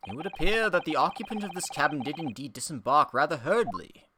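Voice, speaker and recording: A man voicing a calm, dry young scholar with understated, sardonic delivery. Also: on the high side, fast, background noise. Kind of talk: voicing game dialogue.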